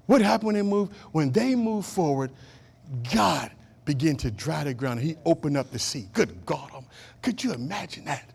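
High-voiced preaching pastor. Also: male voice, lively intonation, normal speed, vocal fry, darkish tone, slightly rough. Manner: preaching with rising and falling intensity, repeating short exhortations. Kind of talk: sermon.

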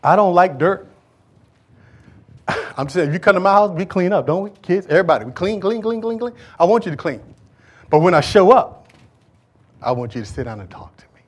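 A man with a high voice preaches to his congregation, swinging between relaxed, colloquial asides and loud, emphatic call-outs. He keeps the people involved with questions and repetition. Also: fairly quick, long pauses, slightly rough. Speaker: pastor. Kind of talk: sermon.

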